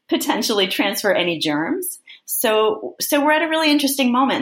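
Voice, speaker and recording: A woman's voice: fairly low pitch, fairly bright tone, reverberant. A woman guest in a casual interview who talks enthusiastically and thinks aloud, often restarting her sentences.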